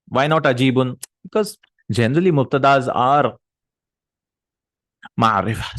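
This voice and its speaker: A man's voice: medium pitch, dry recording. Guy teaching a grammar lesson, asks himself questions then answers, dry close sound. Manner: explains step by step, asks and answers his own questions. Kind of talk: recorded lesson explaining grammar.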